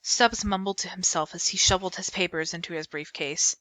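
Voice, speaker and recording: A woman reading a middle-grade novel aloud in an expressive storybook manner. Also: fairly low pitch, fairly quick, no room sound. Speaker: book reader.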